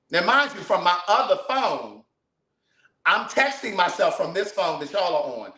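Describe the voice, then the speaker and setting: A man, telling a story to camera in a sassy, profane, animated way. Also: high voice, normal speed, roomy sound. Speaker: vlogger. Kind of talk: casual storytelling.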